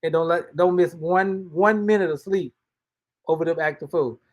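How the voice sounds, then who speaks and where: A man's voice: fairly high pitch, normal speed, lo-fi sound. A man hosting a casual spoken devotional, talking in a colloquial, folksy way and often repeating and restarting his words. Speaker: host and motivational speaker.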